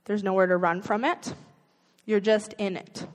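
A woman's voice: mid-range voice, steady tone, moderate pace, big-room sound, rough recording. A woman preaching a sermon in an earnest, conversational way, asking rhetorical questions of her listeners.

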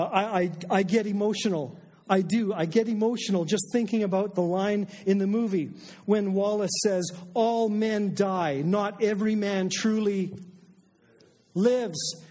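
Conversational middle-aged pastor, high mellow voice. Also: male voice, big-room sound. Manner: conversational, self-deprecating, many fillers and restarts. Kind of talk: sermon.

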